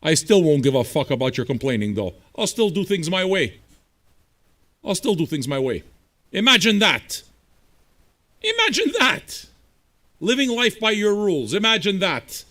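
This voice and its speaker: Profane, lively-voiced man host. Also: on the high side, moderate pace. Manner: blunt, profane, combative banter. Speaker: streaming radio DJ host. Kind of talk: casual livestream chat answering viewers.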